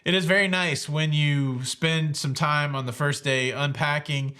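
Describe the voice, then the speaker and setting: A man's voice: fairly high pitch, fairly even intonation, unhurried, sharp tone, clear, resonant tone. A man hosting a cruise news vlog, chatting casually and rambling straight to his viewers.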